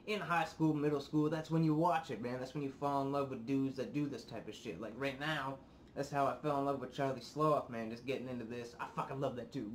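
With a mid-range voice and a faint hiss or hum in the recording, a young reaction video host rants casually at his viewers. He curses often and sounds worked up and animated.

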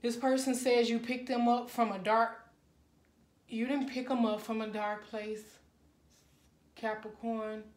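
A woman's voice: on the high side, little pitch movement, a little slow, long pauses, a little mellow, echoey room. A woman giving a casual tarot reading straight to her viewers, emotional and full of exclamations. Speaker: tarot reader.

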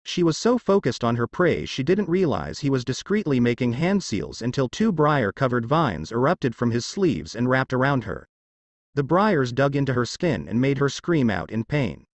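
A man narrating a fanfiction story in an expressive storytelling manner. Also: mid-range voice, moderate pace, dry recording.

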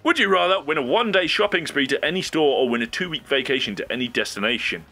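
A man's voice: on the high side, quick pace, soft background music. Young guy hosting his channel, super bouncy up-and-down voice, chatty and giggly. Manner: animated, rambling, laughs often. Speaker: YouTube host. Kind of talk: casual solo commentary.

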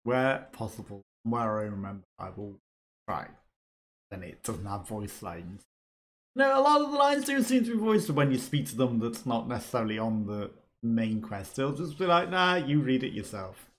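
A man's voice: mid-range voice, sing-song, normal speed. A man casually commenting while playing a video game, chatty and wry, laughing often as he reads items aloud. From United Kingdom. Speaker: let's play streamer.

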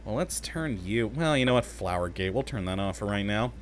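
A man's voice: on the low side, lively intonation, brisk, slight background noise. A man commentating casually as he plays a video game, talking to himself, easily exasperated and laughing often. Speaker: let's play host.

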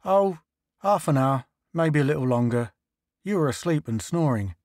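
A man's voice: fairly high pitch, animated, normal speed, a little mellow, no room sound, clean studio sound, natural voice. A man voicing a spirited ship's engineer. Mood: casual.

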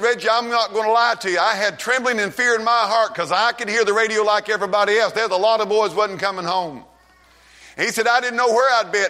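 A man preaching a revival sermon, fervently calling out and then dropping to a hushed tone. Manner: fervent, shouts rises then drops low and hushed.

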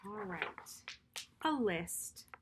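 A woman's voice: mid-range voice, animated, very slow, background noise. A woman reading a bedtime story to children as their storyteller, friendly and speaking directly to her young listeners.

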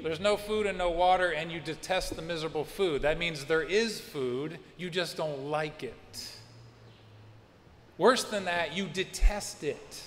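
A male pastor delivers a sermon with a slightly high-pitched voice, acting out the quoted voices with lively emphasis. His words carry a long reverb through the church sanctuary, with a faint room hum underneath. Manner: expressive preaching with acted-out quotes.

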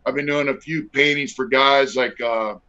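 A middle-aged man appears as a guest on a video call interview, telling stories casually in a blunt, profane, laid-back way full of fillers. His mid-range voice is sharp yet smooth, with fairly even intonation and normal speed, heard through dull lo-fi audio.

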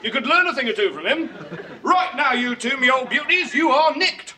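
Bossy British copper, lively high voice, old hissy TV recording. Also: male voice, moderate pace, a faint crowd, heavily acted. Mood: officious. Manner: officious, barks orders. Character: pompous male police inspector, bossy and shouty. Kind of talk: 1970s TV sketch comedy.

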